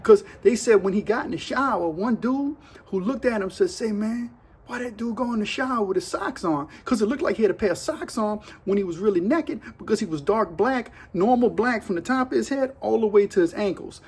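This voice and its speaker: A man's voice: sits high, expressive, brisk, few pauses, darkish tone, husky. A middle-aged man, casually telling prison stories in a slangy, laid-back way as host of his channel. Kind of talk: casual storytelling.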